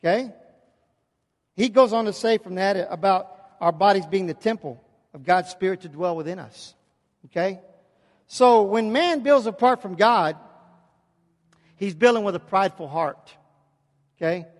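A man's voice: high-pitched, animated, moderate pace, pauses often, big-room sound. A pastor preaching an emphatic sermon in a church, often checking in with his congregation.

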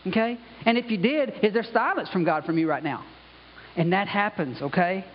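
A man delivers a conversational sermon, sprinkling in "you know" and "okay" as he goes. His voice sits high for a man. The recording sounds dull and carries a long reverb from the church sanctuary. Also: expressive, normal speed, a little hiss or hum. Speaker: pastor.

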